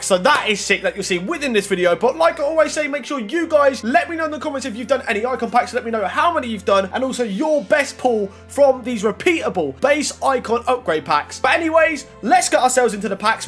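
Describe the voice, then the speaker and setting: Excitable young man, high voice. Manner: excitable, swings from muttering to shouting. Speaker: gaming YouTuber. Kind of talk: casual pack-opening commentary. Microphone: desk microphone.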